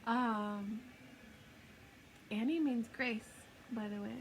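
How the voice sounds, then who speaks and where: A woman giving a casual intuitive tarot reading, chatty and self-mocking, laughing often and sometimes dropping into soft whispers. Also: fairly high pitch, steady tone, takes it slowly, slight background noise, low-quality recording. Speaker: tarot reader.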